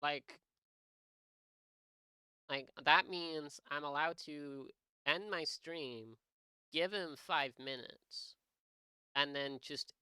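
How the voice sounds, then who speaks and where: Young guy streamer, bright sharp voice, rambly and sweary, dry close mic. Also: mid-range voice, smooth, no room sound. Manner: rambling, profane, joking, many restarts. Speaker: art streamer. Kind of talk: casual live-stream chat.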